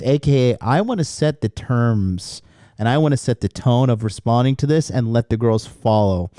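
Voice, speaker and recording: A man delivers scornful reaction commentary, his voice mellow and dark. The sound is dry and close. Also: medium pitch, expressive, moderate pace, no room sound. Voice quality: scornful, profane. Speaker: commentator reacting to a podcast clip.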